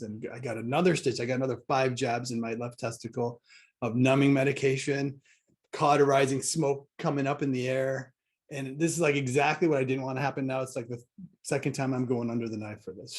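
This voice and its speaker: A man's voice: mid-range voice, a little mellow. A middle-aged man telling a personal story in a casual vlog, wry and exasperated, with sarcastic asides. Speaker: vlogger.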